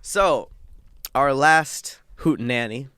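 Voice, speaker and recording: A man's voice: medium pitch, slow pace, sharp tone, clear, resonant tone, dry recording, clean studio sound. A man co-hosting a podcast in casual chat, a playful, joking storyteller. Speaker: podcast co-host.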